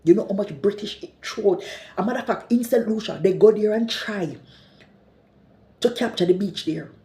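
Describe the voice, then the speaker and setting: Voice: mid-range voice, normal speed, mellow, echoey room, low-quality recording. A speaker with a Jamaican accent, delivering an impassioned, repetitive social media monologue. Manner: ranting, repetitive, emphatic.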